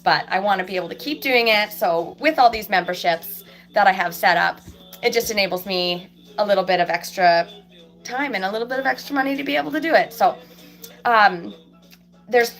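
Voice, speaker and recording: A fabricator and vlogger, her medium-pitched voice stuffed up with a cold, chats casually to her viewers from a small office in her shop. She rambles loosely, pausing on ums and restarting her sentences. Faint country music plays in the background.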